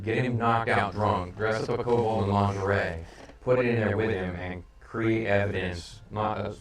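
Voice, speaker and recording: Wry low-voiced player in an echoey room. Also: male voice. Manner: joking, wry asides. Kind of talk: casual tabletop game chat. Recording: echoey room, distant mic.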